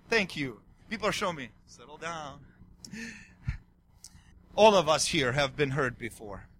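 A middle-aged male pastor preaching a sermon, excitable, swinging between yelling and quiet asides. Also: a little high, slight background noise.

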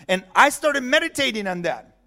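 A man's voice: extremely high pitch, very animated, moderate pace, sharp tone. A man preaching a sermon in a conversational way, chuckling often and asking the audience questions.

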